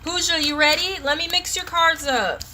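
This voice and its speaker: A woman's voice: extremely high pitch, moderate pace, bright, forceful tone, slight background noise. A woman giving a live-streamed tarot reading, passionate, blunt and full of profanity. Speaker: tarot reader.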